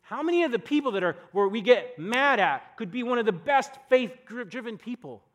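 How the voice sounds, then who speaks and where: Young guy pastor, pretty high voice, chatty sermon w lots of questions to the room. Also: normal speed. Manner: conversational, animated storytelling with rhetorical questions. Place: church podcast recording.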